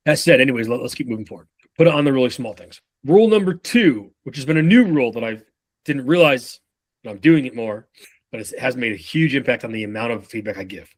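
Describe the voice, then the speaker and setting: A man leading a casual sales leadership training session over a video call, talking in an animated, profane way and acting out his examples. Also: medium pitch, a little fast, no room sound.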